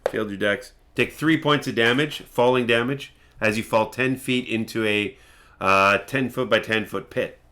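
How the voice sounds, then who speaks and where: A man's voice: medium pitch, moderate pace, bright, forceful tone. A man running a tabletop game as game master, hesitant with many fillers and frequent laughs.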